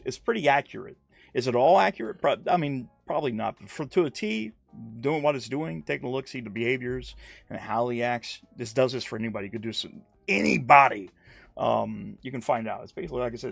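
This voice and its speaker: A man's voice: mid-range voice, creaky, fairly bright tone, dry recording. A man giving rambling, casual streamed commentary, repeating himself and mocking others in put-on quotes. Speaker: YouTube commentator.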